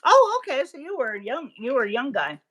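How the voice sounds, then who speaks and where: High-pitched woman hosting an interview. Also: very animated, brisk, fairly bright tone. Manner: encouraging, frequent short backchannels. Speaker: interview host. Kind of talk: casual interview.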